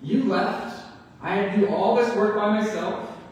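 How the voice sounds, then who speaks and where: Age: adult. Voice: high for a man. Figure: an indignant, self-righteous older son, as a preacher puts him on. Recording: far off in a hall with long, heavy echo. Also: lively intonation, normal speed, darkish tone, close to an everyday voice. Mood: resentful. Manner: indignant, complaining. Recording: echoey hall, mic far off.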